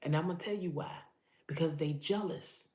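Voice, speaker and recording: A woman's voice: sits low, normal speed, mellow, reverberant. A woman giving an impassioned preaching vlog, talking urgently to her listeners and repeating herself for emphasis. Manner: urgent, repetitive, addresses listeners directly. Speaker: motivational preacher.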